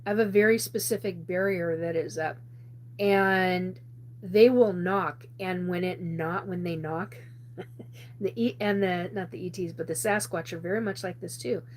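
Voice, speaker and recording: A woman's voice: on the low side, measured pace, slight background noise. Rambling woman telling a story. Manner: rambling, laughs often, many restarts. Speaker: host. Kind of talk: casual storytelling on a live show.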